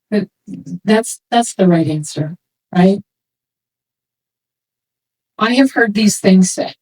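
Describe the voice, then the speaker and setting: A woman speaking to a room of swimming parents in a casual, animated way, acting out quoted remarks as she goes. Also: medium pitch, slow, pauses often, slightly rough, rough recording. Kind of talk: talk to a parents' session.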